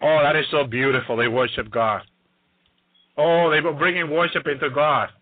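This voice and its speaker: A man preaching a sermon who reads scripture aloud slowly and keeps breaking in with hallelujah and praise Jesus. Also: fairly high pitch. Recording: tinny phone-like, dry sound.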